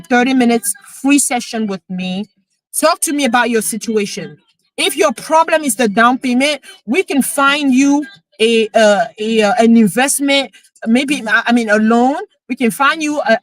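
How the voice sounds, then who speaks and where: A woman, a real estate coach chatting emotionally on a live stream, excited as she talks. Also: on the high side, normal speed, no echo, low-quality recording. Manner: excited, emotional, switching into French.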